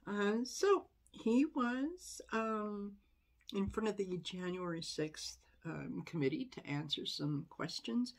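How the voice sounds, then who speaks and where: A woman's voice: mid-range voice, expressive, slow pace. A woman tarot reader giving casual, conversational commentary, with exasperated asides and frequent laughter.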